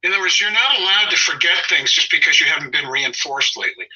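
A sharp, piercingly bright voice from a man in his sixties with a Southern Californian accent, a little higher than most men. He talks dog training in an opinionated, wry way, wandering into digressions. The sound is husky and the audio dull and lo-fi. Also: quick pace. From Los Angeles. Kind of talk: casual podcast chat.

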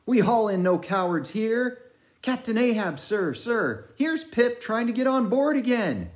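A man voicing a crazed young cabin boy with a high, singsong, frantic way of calling out. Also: big pitch swings, unhurried, exaggerated voice.

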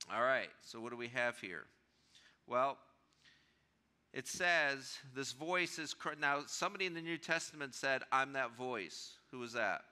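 A male pastor teaches a Bible study in a church room, his voice very bright and cutting. The tone is smooth and clear, and he keeps asking the group questions and slows down on the words he wants to land. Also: medium pitch.

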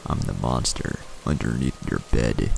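A man voicing a crackly deep bed monster. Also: measured pace, vocal fry, a little mellow, full character voice. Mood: calm, friendly. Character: friendly male monster under a child's bed. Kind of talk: horror story reading. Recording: music playing behind.

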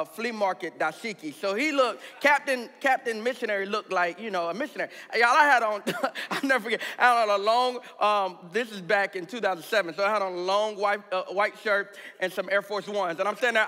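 A man pastor telling a candid, comic story in a sermon, animated and laughing along. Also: sits high. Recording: reverberant hall sound.

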